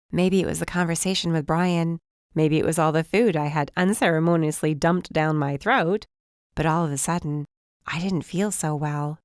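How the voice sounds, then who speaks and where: A woman reading a first-person mystery audiobook in a measured, even storytelling manner. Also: low-pitched, smooth, dry recording, studio quality. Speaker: audiobook narrator.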